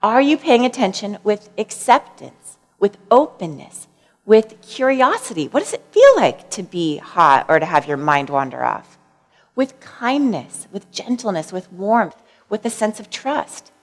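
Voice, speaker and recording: A woman speaks about mindfulness in a gentle, warm storytelling way, laughing now and then. Her voice sits at an ordinary pitch. A long reverb trails after her words, as in a lecture hall. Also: sing-song, unhurried. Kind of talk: personal talk on mindfulness.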